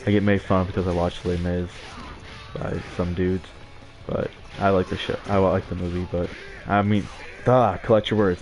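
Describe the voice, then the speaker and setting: A man's voice: low-pitched, flat delivery, normal speed, darkish tone. A young man giving casual, rambling commentary over his gameplay, with frequent filler words and chuckles. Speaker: let's play gamer.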